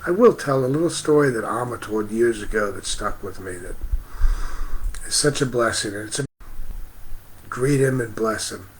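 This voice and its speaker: A man hosting a spiritual livestream outdoors, speaking gently and greeting viewers by name. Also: on the low side, lively intonation, a little hiss or hum, rough recording. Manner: slow, gentle, reads out viewer comments. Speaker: livestream host. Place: outdoors near a parking lot.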